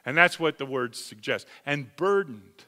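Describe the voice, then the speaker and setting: Male preacher, high bright voice, emphatic delivery, big hall reverb. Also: animated, measured pace. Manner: emphatic, swings from loud calls to hushed asides. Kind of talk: sermon.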